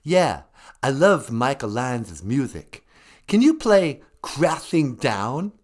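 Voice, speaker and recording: A man's voice: medium pitch, very animated, takes it slowly. A man playing an adult male rock star who calls in to a live-stream podcast as an eager, adoring fan. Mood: gushing. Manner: gushing, eager. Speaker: caller.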